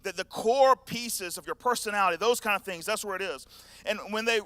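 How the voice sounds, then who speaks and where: Male pastor, sermon delivery, high bright voice, lively storyteller who acts scenes out, dry close sound. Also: brisk, clear, resonant tone, dry recording. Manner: animated storytelling, acting out scenes.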